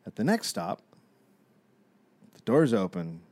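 A man telling a historical story on a comedy podcast in a deadpan, matter-of-fact way. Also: deep voice, slow pace, no room sound.

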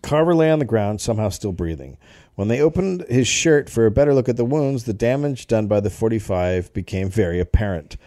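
A man's voice: fairly low pitch, lively intonation, fairly quick, warm tone, no room sound, studio quality. A man co-hosting a comedy podcast, reading a history story aloud with jokey asides. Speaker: podcast co-host telling the story.

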